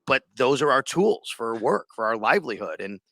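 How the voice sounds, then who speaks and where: A man's voice: mid-range voice, very animated, normal speed, bright, forceful tone, dry recording. A man hosting a sports podcast, also a radio host, who talks in a rambling, loose, conversational way. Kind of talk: casual sports podcast chat.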